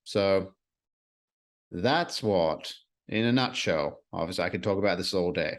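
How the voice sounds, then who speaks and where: A man's voice: sits low, lively intonation, unhurried. A man hosting a solo podcast, talking earnestly and reflectively in a casual way, with the odd swear word. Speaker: podcast host.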